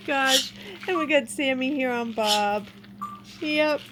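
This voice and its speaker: A woman's voice: extremely high pitch, takes it slowly. A woman chatting and laughing with her parrots in affectionate baby talk, filming them for a vlog. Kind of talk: casual vlog talking to parrots. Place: bird room full of squawking parrots. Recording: loud bird noise behind.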